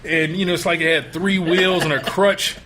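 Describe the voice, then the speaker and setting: A man hosting a relaxed radio interview. His voice sits a little high, and he keeps agreeing with his guest and teasing her. A faint noise runs in the background. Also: moderate pace. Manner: frequent agreeing backchannels, teasing. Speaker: radio host. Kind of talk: casual interview chat.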